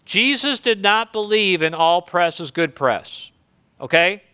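A male pastor with a high, bright voice preaches in an earnest, conversational tone. His voice is smooth and clear, and the recording is close and dry. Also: expressive, unhurried, no room sound. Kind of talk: sermon.

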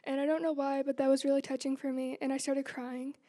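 A woman's voice: high voice, level tone, fast talker, mellow. A teenage girl earnestly reading a prepared testimony to her church. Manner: reads prepared remarks, earnest. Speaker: youth group member.

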